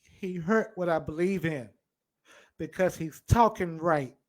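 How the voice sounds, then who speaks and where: A man delivers a dramatic sermon at an unhurried pace, his voice sitting a little high. He voices a wrongdoer's thinking in the first person, letting his volume rise to cries and drop to murmurs. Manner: dramatic, swings between loud cries and low murmurs; speaks in first person as a wrongdoer to make a point. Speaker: preacher.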